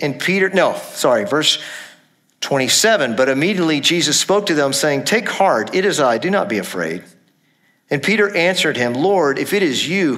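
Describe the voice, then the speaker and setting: A man's voice: on the high side, fairly bright tone. A middle-aged male pastor preaching a sermon in a conversational way, laughing now and then and correcting himself as he reads scripture aloud.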